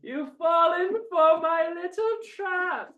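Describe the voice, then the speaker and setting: A man's voice: extremely high pitch, narrow, tinny audio, pitched above the performer's own voice. A man voicing a gloating male villain with a put-on accent in a tabletop game, mocking and drawn out. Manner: theatrical, mocking, drawn-out words.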